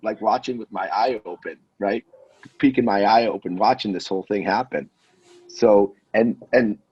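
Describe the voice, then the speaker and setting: A man in his fifties telling a wild anecdote in a casual, animated way, acting out the voices of the people in it. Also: medium pitch, breathy edge. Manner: animated storyteller, acts out voices. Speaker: guest storyteller. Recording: dull lo-fi audio.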